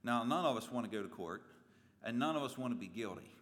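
A man preaching a sermon in a church, animated, acting out voices and swinging his pitch and loudness widely. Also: fast. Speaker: pastor. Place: church sanctuary. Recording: long reverb of a church hall.

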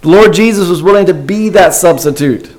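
A man's voice: high-pitched, brisk, a little mellow, low-quality recording. A man preaching a sermon in an earnest way that builds emphasis. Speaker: pastor.

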